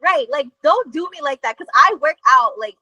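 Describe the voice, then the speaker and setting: Bright-voiced woman telling a story. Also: sits high, moderate pace, dry recording, muffled recording. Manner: animated, swears a lot, many fillers. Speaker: podcast co-host. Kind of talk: casual chat, storytelling.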